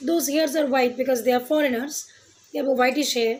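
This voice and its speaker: A woman's voice: high-pitched, fairly even intonation, fast talker, darkish tone. A woman teacher with a Bengali accent explaining a poem to a class, reading lines aloud and then explaining them. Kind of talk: literature lesson explanation.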